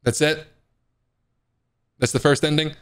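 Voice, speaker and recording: A man's voice: a little high, steady tone, a little slow, fairly bright tone, clean tone. A man playing a horror game, joking and reacting with panicky outbursts in casual commentary. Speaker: gaming video host. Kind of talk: casual let's play commentary.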